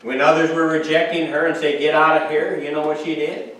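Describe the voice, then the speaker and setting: A male pastor preaching a sermon, swinging from hushed to shouting and asking the congregation questions. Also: a little high, flat delivery, a little fast. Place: church sanctuary. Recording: echoey church hall from far off.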